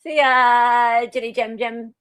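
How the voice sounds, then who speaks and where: A woman's voice: on the high side, flat delivery, slow pace, fairly bright tone, no room sound. An Australian woman hosting casual true crime commentary, chatty and sarcastic.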